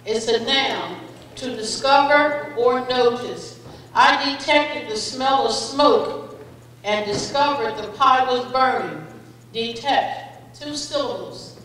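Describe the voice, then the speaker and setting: A woman serving as a spelling bee pronouncer, reading each word with its definition and a sample sentence in a slow, deliberate, encouraging way. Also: a little high, fairly bright tone, slight background noise. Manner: slow, deliberate, encouraging, calls contestants "friend". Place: school auditorium. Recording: echoey hall, voice from a distance.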